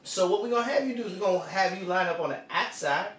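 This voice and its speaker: A man voicing an older, folksy, patronizing Southern football coach, with a slow, emphatic drawl in a Southern accent. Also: sits high, fairly bright tone. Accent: American Southern. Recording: roomy, distant mic.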